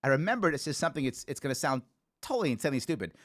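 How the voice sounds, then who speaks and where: A Bronx, New York man in his forties hosts a call-in talk show, telling stories in a conversational, thinking-aloud style. His medium-pitched voice is very animated and races along.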